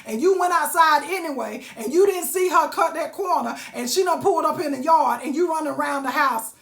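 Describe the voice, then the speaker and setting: A woman's voice: high-pitched, brisk, few pauses, a bit bright, roomy sound. A woman giving a sassy, preachy motivational talk, calling listeners baby and honey. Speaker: motivational vlogger.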